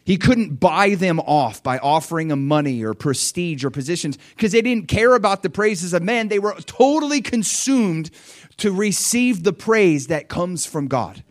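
A man preaching a sermon and recounting a vision, fervent, dropping to quiet asides and rising to loud surges, often restarting his words. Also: sits high, lively intonation, moderate pace. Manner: restarts and stumbles over words.

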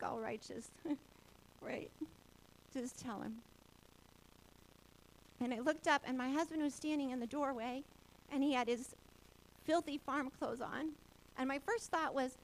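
A woman in her forties telling a personal faith story, animated and laughing often as she acts out the voices of people she quotes. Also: high voice, unhurried, gravelly, pauses often, slight background noise, poor audio. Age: 40s.

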